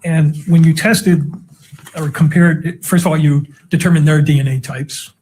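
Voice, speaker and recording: A man's voice: a little high, fairly even intonation, normal speed, a little mellow, husky. A man cross-examining a witness in a courtroom with methodical, leading questions. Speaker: defense attorney.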